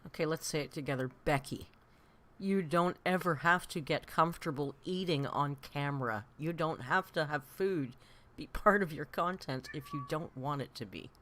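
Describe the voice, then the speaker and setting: A woman hosting a live react stream in a fairly low voice. She chats easily and tosses in joking asides. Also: normal speed, a bit bright, slight background noise. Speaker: channel host reacting to a video.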